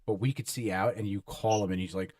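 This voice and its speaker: A man's voice: fairly low pitch, steady tone, quick pace, a little mellow, dry recording, recorded from a distance. A man co-hosting a podcast, teasing and profane, bringing up old stories in casual chat. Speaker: podcast co-host. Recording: dry, a bit off mic.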